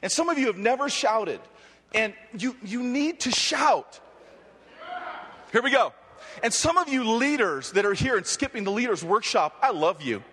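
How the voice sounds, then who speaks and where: Animated, shouting preacher from Hawaii. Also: male voice, extremely high pitch, moderate pace. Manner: animated, shouting, joking, restless. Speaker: youth conference speaker. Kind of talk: energetic preaching. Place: large hall with audience. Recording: long hall reverb.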